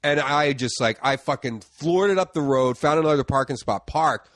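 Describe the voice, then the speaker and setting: A man talks as a podcast guest in a relaxed, mumbly way, his sentences drifting and trailing off. His voice sits at a middling pitch, recorded dry and close with no room sound. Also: moderate pace, no room sound. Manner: laid-back, mumbly, trails off. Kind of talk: casual podcast chat.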